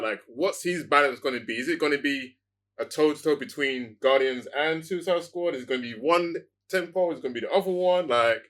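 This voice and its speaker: A man's voice: on the high side, a little fast, a bit bright. A man, co-hosting a casual podcast chat in an enthusiastic way, full of "like" fillers. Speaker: podcast co-host.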